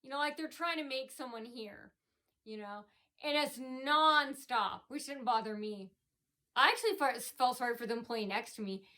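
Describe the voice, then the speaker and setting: With a fairly high-pitched voice, a woman on her vlog tells a long, wandering personal story. She hesitates, uses lots of fillers, starts over repeatedly, and often lets her words trail off softly.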